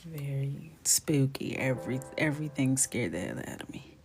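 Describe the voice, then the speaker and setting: Woman, thirties, host of a live coloring stream, low voice, chatty storyteller who slips into near whispers. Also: moderate pace, faint music behind. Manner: chatty and animated, often dropping to a near whisper. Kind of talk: casual storytelling while coloring.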